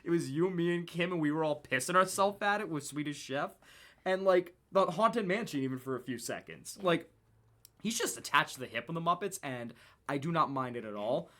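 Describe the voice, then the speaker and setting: A man co-hosting a casual podcast chat, excitable and rambling, with frequent swearing. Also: fairly high pitch, fairly quick. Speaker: podcast co-host.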